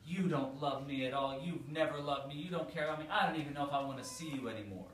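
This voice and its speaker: A man's voice: on the high side, quick pace, a bit bright, natural voice. A man voicing a scheming young woman who sweet-talks and whines, in an echoey room. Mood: pouty. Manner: cooing sweet-talk turning pouty and whiny. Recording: echoey room, far from mic, faint noise.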